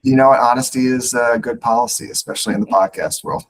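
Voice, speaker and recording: A man giving coaching advice as a podcast guest, instructive and animated, often repeating words as he starts sentences. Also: medium pitch, fast, poor audio. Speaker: guest speaker on leadership.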